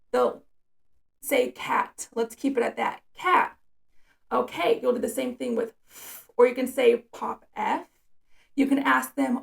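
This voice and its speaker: Gravelly-voiced woman teaching reading tips. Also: a little high. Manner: patient, explains step by step with examples. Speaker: special education teacher. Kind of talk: instructional video tutorial.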